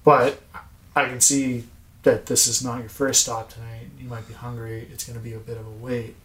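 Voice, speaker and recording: A man telling a story in casual podcast chat, animated, acting out dialogue and swearing often. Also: mid-range voice, normal speed, a little hiss or hum. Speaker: podcast co-host. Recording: echoey room.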